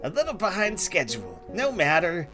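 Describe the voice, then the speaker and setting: A man reading aloud for a stern male farm overseer in a horror farming game, giving slow, clipped orders. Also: sits high, huge pitch swings, over music, voice pushed up. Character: stern male overseer farmer working for a baron. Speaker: game character voiced by a let's player.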